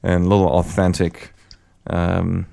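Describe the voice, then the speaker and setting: A man's voice: deep voice, completely flat delivery, slow, vocal fry, mellow, dry recording, studio quality. A man co-hosting a podcast in casual chat over a video call, laughing as he tells stories against himself. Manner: laughing, self-mocking storyteller. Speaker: podcast co-host.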